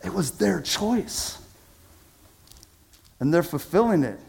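Casual, fairly high-voiced male preacher. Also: animated, takes it slowly, creaky. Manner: casual, conversational preaching with slang; dramatic swings between loud emphasis and hushed low phrases. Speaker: pastor. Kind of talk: sermon.

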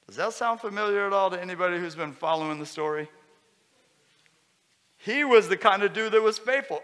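A man preaching a sermon as pastor, conversational and lively, with sudden loud bursts. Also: sits high, moderate pace. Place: church hall. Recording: long hall reverb.

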